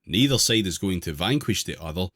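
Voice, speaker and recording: A man co-hosting a podcast, reading an article aloud in a dry, deadpan way between casual asides. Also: sits low, fairly quick, no room sound.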